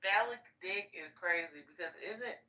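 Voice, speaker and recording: A woman's voice: mid-range voice, normal speed, pushed and bright, echoey room, low-quality recording. A woman talking crudely and bluntly in a heated group voice chat.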